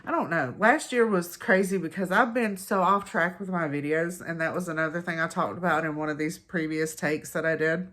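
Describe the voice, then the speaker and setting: A woman's voice: lowish voice, fairly quick, hardly any pauses, a bit bright. A woman hosting a casual crochet chat at home, her nose stuffy from allergies, rambling and laughing at herself. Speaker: crochet podcast host. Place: at home, indoors.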